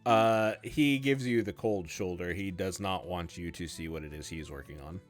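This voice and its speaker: A man running a tabletop game as game master, narrating the scene in a relaxed, playful way. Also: deep voice, normal speed, soft background music.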